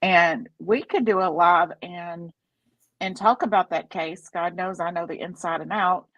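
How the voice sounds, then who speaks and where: A woman's voice: fairly low pitch, steady tone, unhurried, a bit bright, no echo, rough recording. A woman co-host speaking earnestly and emphatically in a casual chat.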